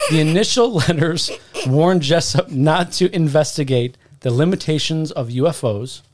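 A man's voice: on the high side, moderate pace, a little mellow. A man co-hosting a podcast, telling a story in a joking, profane, rambling way. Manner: profane, joking, talks to himself. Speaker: podcast co-host. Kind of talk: casual podcast chat.

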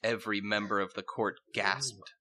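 A man narrating a comedic fantasy story in a wry, deadpan way for a podcast. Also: on the low side, moderate pace. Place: podcast recording with friends.

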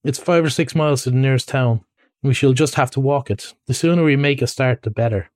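A man's voice: mid-range voice, brisk, no echo, studio quality, lightly acted. A man reading a storybook aloud, voicing a stern, practical male water rat who speaks firmly and sharply. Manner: firm, sharp, exasperated.

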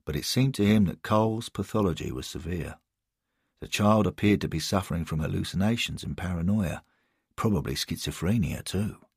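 A man reading a scripted story as narrator, measured and expressive. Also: low voice, husky, dry recording, studio quality.

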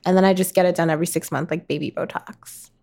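A woman in her thirties chatting casually about skincare, relaxed and full of fillers. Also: on the low side, fast talker, gravelly. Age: 30s. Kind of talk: casual chat.

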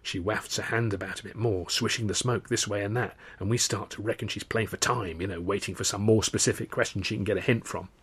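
A man with a low, husky voice reads his own novel aloud, easing through the story in a conversational, anecdotal way. The delivery is relaxed and steady, like a storyteller leaning in across a table. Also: a little fast, few pauses. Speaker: author reading his novel. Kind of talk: audiobook narration.

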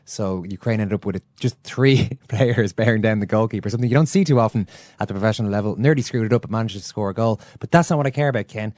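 A man's voice: lowish voice, quick pace, few pauses, darkish tone, no echo. A man from Ireland hosting a football podcast, chatting in a wry, easygoing way. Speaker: podcast host. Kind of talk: casual football chat.

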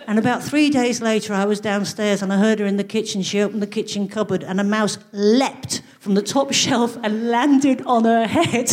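A woman performing stand-up comedy live on stage. Her voice sits a little high, and she tells her stories in a dry, wry way, tossing out rhetorical questions to the audience. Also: steady tone, normal speed. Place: live venue.

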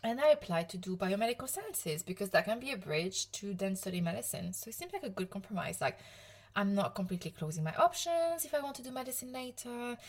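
A woman's voice: medium pitch, lively intonation, brisk. French woman in her thirties, chatty podcast host. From France, Provence. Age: 30s. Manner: chatty and self-deprecating, laughs often. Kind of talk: casual solo podcast talk.

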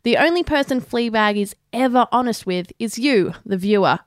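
Smooth-voiced dry woman podcaster. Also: on the high side, lively intonation, moderate pace, dry recording. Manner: dry, sardonic, swears freely. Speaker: podcast co-host. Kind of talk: prepared review read aloud.

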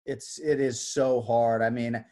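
A man in relaxed conversation, a combat sports broadcaster who talks in a lively way and acts out how names are pronounced. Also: mid-range voice, measured pace. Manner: animated, demonstrates name pronunciations. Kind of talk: casual chat.

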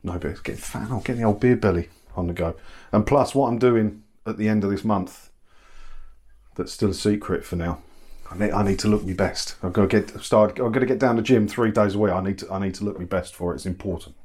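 A man's voice: on the low side, quick pace, a little mellow. A middle-aged man chatting casually from his kitchen, answering viewer comments with self-mocking humour and frequent laughs. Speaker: YouTube channel host. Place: kitchen at home.

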